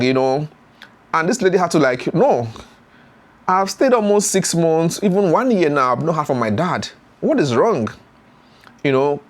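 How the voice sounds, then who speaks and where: A man, retelling a story as a YouTube commentator with many fillers and acted-out voices. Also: fairly high pitch. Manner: animated retelling with frequent fillers, acts out voices.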